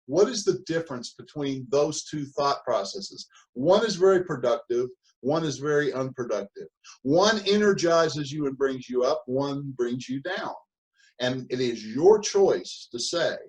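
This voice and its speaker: A man's voice: medium pitch, lively intonation, a little slow, poor audio. A man giving a motivational seminar talk on productivity, with punchy repetition and acted-out whiny voices. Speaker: mentor and speaker.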